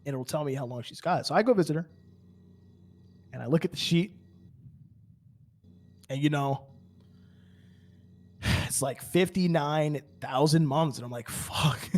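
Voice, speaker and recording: The voice is a little high with a darkish tone: a man roleplaying on a game server and telling an in-character story. His casual chat rambles, filled with fillers and stammered restarts.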